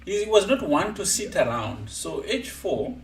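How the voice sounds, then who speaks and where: Lively high-voiced man coaching chess. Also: a little slow, gravelly, reverberant, distant mic. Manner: animated, laughs often while explaining. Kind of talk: live-streamed chess lesson.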